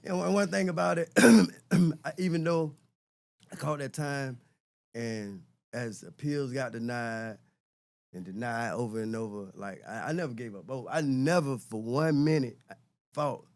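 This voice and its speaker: A man's voice: mid-range voice, a little slow. A middle-aged man and podcast guest talking casually and reflectively, often repeating words as he searches for them. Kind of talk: casual conversation.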